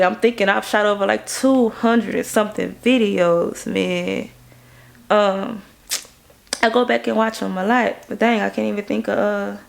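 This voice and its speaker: A woman from Baton Rouge speaks with a gravelly, fry-tinged edge in her voice. She tells stories in a casual interview as a music video director, with animated energy. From Baton Rouge, Louisiana. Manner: animated, acts out quoted people in a higher voice.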